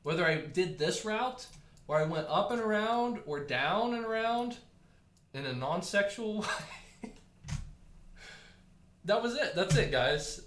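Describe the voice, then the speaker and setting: A man hosting a casual livestream, talking in a chatty, animated way and answering viewer comments while he slowly loses his voice. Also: high-pitched, echoey room. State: losing his voice. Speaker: livestream host.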